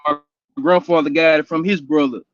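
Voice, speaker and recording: A man's voice: on the high side, steady tone, a little fast, a bit bright, lo-fi sound, faint music behind. A man from Houston with a Texas accent, telling hunting stories in a drawling, laughing way. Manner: drawling, laughs often, restarts mid-sentence. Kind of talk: casual storytelling chat.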